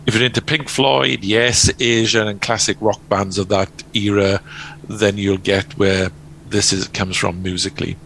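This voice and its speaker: A man reads out his album review in a low voice with a gravelly edge. He stumbles and corrects himself along the way. Faint noise sits behind the voice. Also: steady tone, fairly bright tone, poor audio. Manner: halting, stumbles over words. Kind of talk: reading a prepared review.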